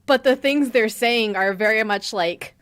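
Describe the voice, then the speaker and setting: A woman's voice: fairly high pitch, a little slow, fairly bright tone, clean tone. A young woman co-hosting a podcast in casual chat, laid-back, recapping and adding short agreeing murmurs. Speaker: podcast co-host.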